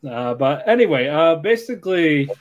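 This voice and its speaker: A man's voice: a little high, big pitch swings, normal speed, dull audio. A man co-hosting an anime podcast, chiming in with short agreements and asides in casual chat. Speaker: podcast co-host.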